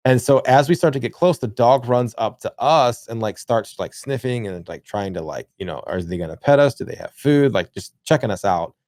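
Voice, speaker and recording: A man's voice: mid-range voice, moderate pace, few pauses, no room sound. Rambling, profane man on a podcast. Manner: rambling, profane, animated storytelling. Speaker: podcast co-host. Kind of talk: casual gaming podcast chat.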